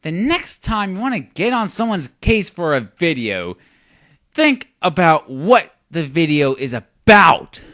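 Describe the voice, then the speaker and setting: A man's voice: on the high side, sing-song, a little slow, sharp tone, no room sound, clean studio sound. A young man giving a lecturing, sarcastic commentary rant on a video. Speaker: YouTube commentator.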